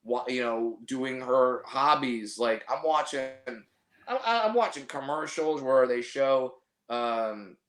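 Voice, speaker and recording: A man's voice: mid-range voice, lively intonation, takes it slowly, a bit bright. A man hosting a podcast in casual chat, rambling and self-deprecating, restarting his sentences and swearing. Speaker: podcast host.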